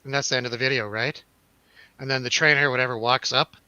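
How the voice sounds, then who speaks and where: Young male co-host, animated storyteller, bright tone, dry close mic. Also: mid-range voice, quick pace, smooth, no echo, lo-fi sound. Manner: animated storyteller, swearing, acts out quotes. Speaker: podcast co-host. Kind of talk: casual chat.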